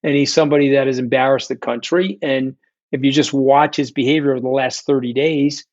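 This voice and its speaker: A middle-aged man, a guest telling stories in an interview, blunt, combative and quick to swear. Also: mid-range voice, fairly even intonation, darkish tone, no echo. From New York. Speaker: guest, fund founder. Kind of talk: candid storytelling interview. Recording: dull, dry lo-fi sound.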